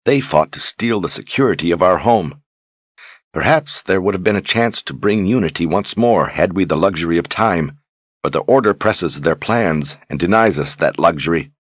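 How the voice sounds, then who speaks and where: A solemn young queen reads a grave letter aloud in a storybook, voiced by a man. The tone stays low, husky and measured. The reading is dry and close. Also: no echo.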